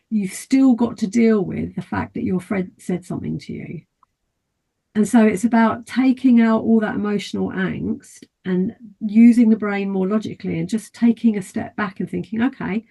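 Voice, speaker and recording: Woman, therapist guest, warm mellow voice, slightly husky, steady explaining. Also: medium pitch. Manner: calm, steady teaching tone; acts out quoted inner thoughts in brief asides. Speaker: life and mindset therapist, guest. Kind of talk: podcast interview, explaining at length.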